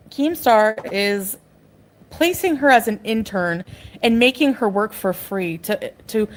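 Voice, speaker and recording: A woman's voice: fairly high pitch, poor audio. Ranting woman livestreamer, crude and angry. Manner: angry, crude and insulting, cuts off her own swearing.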